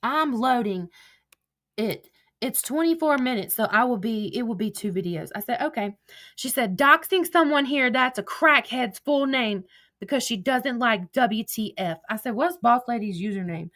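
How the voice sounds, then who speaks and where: A woman's voice: a little high, expressive, normal speed, a bit bright. A woman casually retelling a text conversation, reading each message aloud as "I said, she said" and swearing freely. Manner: swears freely, blunt and exasperated. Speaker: vlogger retelling online drama.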